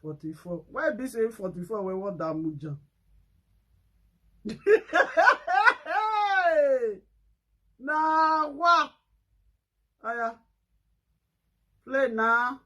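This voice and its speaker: A Nigerian woman with a high, bright voice hosts a casual live stream. She talks in an unhurried way, breaking into loud mocking remarks and laughter. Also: big pitch swings.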